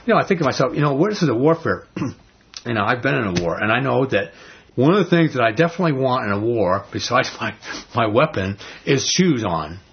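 Husky-voiced male preacher telling a story. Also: mid-range voice, expressive, a little fast, muffled recording. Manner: conversational storytelling, acts out voices, chuckles. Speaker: pastor. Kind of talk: sermon.

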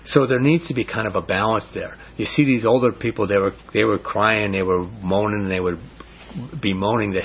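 A man's voice: lowish voice, fairly quick, breathy edge. A middle-aged man leading a Bible study in an earnest, rambling, casual way, with frequent restarts. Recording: dull lo-fi recording.

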